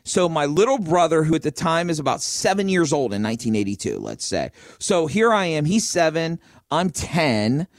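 A middle-aged man from Florida spins a story for his co-hosts in relaxed podcast chat. His voice sits a little high and rises and falls a lot. It is caught close and dry, and he chuckles as he talks. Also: moderate pace, hardly any pauses, no room sound. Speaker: podcast host.

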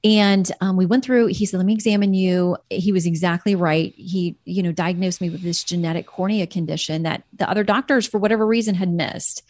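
A woman's voice: lowish voice, fairly even intonation, fairly quick, hardly any pauses, darkish tone, no echo. A woman earnestly telling a personal faith story as a podcast guest, quoting her own prayers.

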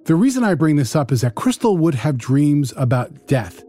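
A man with a warm, mellow tone and a slightly high voice narrates a true crime story with animated pitch. He turns questions over to his co-host, with faint music underneath. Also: normal speed.

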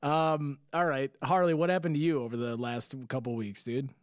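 A man's voice: medium pitch, fairly even intonation, normal speed, smooth, dry recording, clean studio sound. A young man hosting a casual podcast, telling a story with lots of swearing and acting out other people's lines. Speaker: podcast host. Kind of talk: casual chat.

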